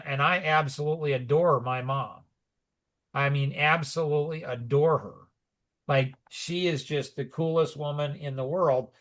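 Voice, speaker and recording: A middle-aged man talking casually on a podcast, rambling with lots of "like" and "you know" and animated asides. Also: a little high. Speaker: podcast co-host. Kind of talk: casual conversational podcast talk.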